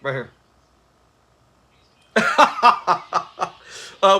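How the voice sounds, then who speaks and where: A man's voice: high-pitched, animated, moderate pace, sharp tone. A man hosting a casual livestream watch party, chatty and laughing often as he talks to his viewers. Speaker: channel host.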